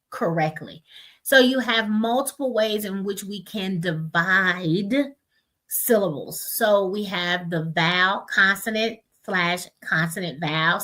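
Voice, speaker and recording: A woman teaching parents how to split long words into syllables, explaining step by step, sounding out words slowly and often checking in with "right?". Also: medium pitch, fairly bright tone. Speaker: literacy instructor. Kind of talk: parent education webinar.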